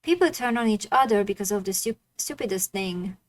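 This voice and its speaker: A woman's voice: medium pitch, lively intonation, brisk, poor audio. A woman streaming a dating sim, reacting bluntly and swearing often in casual gaming commentary.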